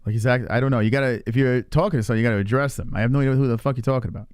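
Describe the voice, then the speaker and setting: A man's voice: medium pitch, rapid-fire, darkish tone, clean tone, dry recording, studio quality. A man hosting a live stream, chatting casually and teasing his chat with lots of swearing. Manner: profane, teasing, rambling with restarts.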